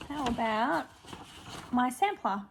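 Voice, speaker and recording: A woman's voice: on the high side, expressive, slow pace, vocal fry, a little hiss or hum. An Australian woman chatting casually on her own stitching channel, showing her projects with frequent ums and small apologies. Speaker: cross-stitch vlogger. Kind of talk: casual show-and-tell chat.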